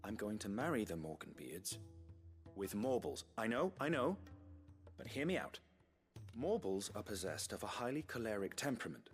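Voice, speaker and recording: An actor playing a fussy, earnest botanist in a game who speaks in a wordy, formal way. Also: male voice, on the low side, sing-song, moderate pace, soft background music.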